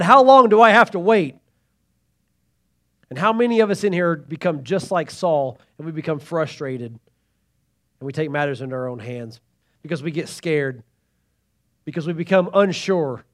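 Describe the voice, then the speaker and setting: A pastor with a notably high voice delivers a sermon. He swings between loud, pleading emphasis and hushed asides. He keeps calling out to the congregation for a response. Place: church sanctuary.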